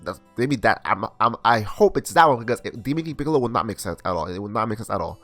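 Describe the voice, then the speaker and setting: A man's voice: on the low side, expressive, quick pace, a bit bright, no room sound, faint music behind. A young man recapping and reviewing an anime episode in a casual, rambling way, full of slang and restarts.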